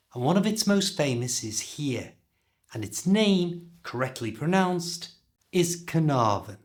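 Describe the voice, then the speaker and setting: A man leads a pronunciation lesson. He speaks slowly and deliberately, with a lively, rising and falling pitch. He demonstrates each sound with care. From Liverpool, England. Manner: slow, careful, demonstrative. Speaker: English pronunciation teacher.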